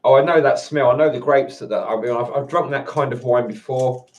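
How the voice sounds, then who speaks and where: Man vlogger, mid pitch, rambling and hesitant, heard from a distance at home. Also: a little fast, noisy background. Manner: rambling, hesitant, chuckling often. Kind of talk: casual solo live-stream chat. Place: indoors at home. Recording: voice distant from the mic.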